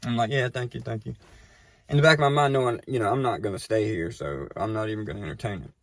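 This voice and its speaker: A man casually telling a personal story, animated and conversational, often checking in with the listener. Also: fairly low pitch, rapid-fire, no room sound. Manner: animated, tags lines with "right?" and "you know". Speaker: recovery storyteller.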